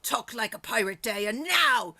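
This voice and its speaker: Casting: woman improv host, bubbly, gravelly edge, bright tone. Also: a little high, wildly swooping pitch, normal speed. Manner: chatty, bubbly and jokey. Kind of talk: hosting an online improv show.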